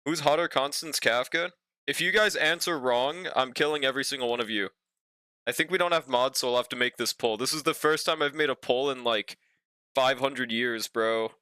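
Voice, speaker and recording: A man's voice: medium pitch, normal speed, bright, forceful tone, clean tone, dry recording. A young man streaming live, chatting casually with his chat, joking and swearing in a laid-back way.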